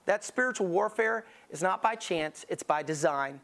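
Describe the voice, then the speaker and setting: A man's voice: high-pitched, lively intonation, normal speed, fairly bright tone. A man preaching a sermon as lead pastor, emphatic and conversational, telling vivid stories to drive his point home.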